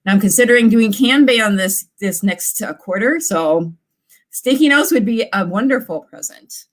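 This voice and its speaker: A woman's voice: mid-range voice, expressive, moderate pace. Bubbly woman author, chatty livestream host gushing over viewers. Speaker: author hosting live writing sprints. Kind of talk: casual livestream chat.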